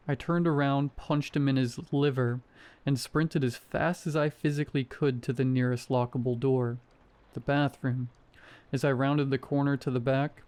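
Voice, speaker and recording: A man reading a scary story aloud in a calm, measured narration style. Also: medium pitch. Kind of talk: scripted narration.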